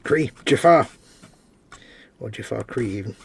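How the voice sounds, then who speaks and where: A man's voice: medium pitch, expressive, unhurried, creaky, slightly rough. A man co-hosting a casual live stream, joking around and reading out chat messages. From United Kingdom. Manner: jokey, reads out chat messages.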